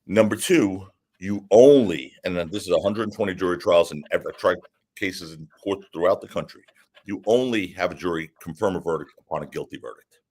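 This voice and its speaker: A man, a defense attorney, telling a story as a guest in a casual interview, in an animated, lively way. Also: low-pitched, brisk, slightly rough.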